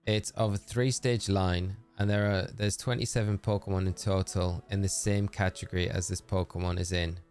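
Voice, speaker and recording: A man's voice: sits low, level tone, moderate pace, hardly any pauses, darkish tone, faint music behind. Chatty man streaming. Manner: chatty, reads out viewer messages and thinks aloud. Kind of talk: casual live-stream chat.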